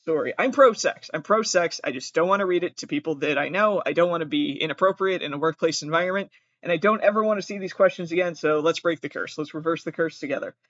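High bright guy giggling thru his own podcast, dry kinda dull mic. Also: fast talker, no room sound. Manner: giggly, flustered, keeps laughing and exclaiming. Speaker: podcast host. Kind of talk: casual solo podcast reading trivia. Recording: dull, lo-fi sound.

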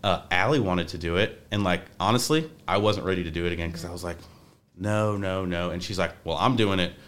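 A man's voice: low voice, brisk, a bit bright. A young man, a podcast guest, talking casually in a rambling way with many restarts. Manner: rambling, restarts often, says like a lot.

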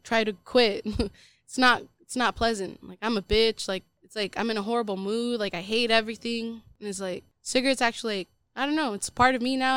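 Woman podcast co-host, candid rambling chat, clear smooth voice, dry sound. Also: on the high side, fairly bright tone, dry recording. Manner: rambling, filler-heavy storytelling. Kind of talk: casual confessional chat.

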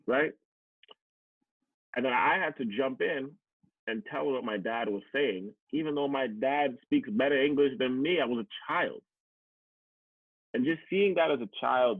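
A man's voice: mid-range voice, moderate pace, husky, no echo. Blunt man on a tinny line. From Canada. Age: adult, past teachers college. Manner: blunt, emphatic, swears, repeats words for stress. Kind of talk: candid conversational storytelling. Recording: tinny phone-like sound, dry.

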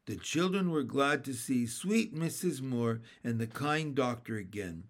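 A man reading a children's book aloud in a steady, clear storytelling manner. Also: medium pitch, a little slow. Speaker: reader.

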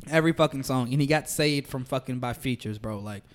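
A man's voice: mid-range voice, fairly quick. A man with an American accent, ranting in a casual, profane chat among friends and giving strong opinions. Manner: animated, profane, opinionated rants.

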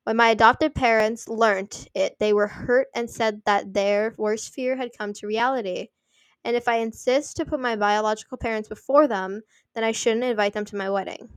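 A young woman reading online posts aloud and adding chatty commentary, full of "like" and quick apologies for her slips. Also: a little high, steady tone, smooth, dry recording, studio quality. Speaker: story reader and commentator.

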